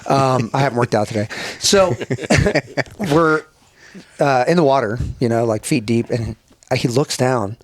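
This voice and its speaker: A man's voice: mid-range voice, a little slow. Profane, laughing man telling war stories. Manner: animated, profane, laughing storyteller. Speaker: podcast guest, former Navy bomb disposal tech. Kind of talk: casual storytelling chat. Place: podcast studio.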